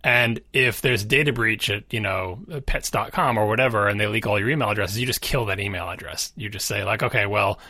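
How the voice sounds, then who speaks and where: A man co-hosting a podcast, talking casually about tech, emphatic, with his pitch jumping up on stressed words. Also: brisk, hardly any pauses, pushed and bright, dry recording, clean studio sound. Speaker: podcast co-host.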